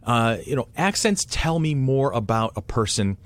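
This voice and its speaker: A man hosts a casual panel discussion at a convention. His pitch rises and falls with lively energy, and he often stops and restarts mid-sentence. The sound is close and dry. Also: no room sound. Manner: animated, halting with many restarts. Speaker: podcast host.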